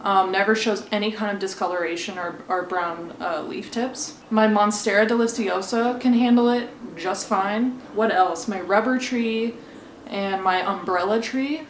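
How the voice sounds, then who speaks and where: A woman's voice: medium pitch, steady tone, unhurried, a little hiss or hum. Chatty woman in a roomy echo. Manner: chatty, conversational, asides to the viewer. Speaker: plant care vlogger. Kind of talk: casual how-to demonstration.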